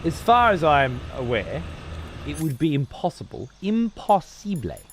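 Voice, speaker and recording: A man's voice: fairly high pitch, big pitch swings, normal speed, slight background noise. A man giving casual, profane commentary while playing a game, sarcastic and talking to himself and his chat. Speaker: gameplay streamer.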